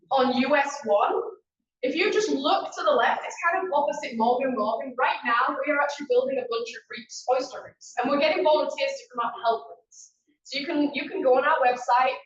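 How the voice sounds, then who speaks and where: A woman's voice: high voice, a bit bright. A woman giving a casual, upbeat presentation to a meeting audience, chatting and quizzing them as she goes. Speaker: guest presenter. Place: meeting room. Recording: echoey room, far-off dull mic.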